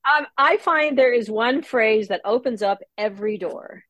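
A woman from Los Angeles chatting casually, wry and quick to laugh, with a measured delivery. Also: a little high, a bit bright, no echo, highs cut off. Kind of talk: casual chat.

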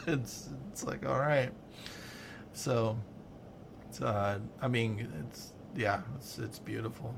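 A man's voice: mid-range voice, takes it slowly, vocal fry, pauses often, noisy background. A man hosting a podcast in casual chat, rambling with many restarts. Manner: rambling, self-interrupting, lots of restarts. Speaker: podcast host.

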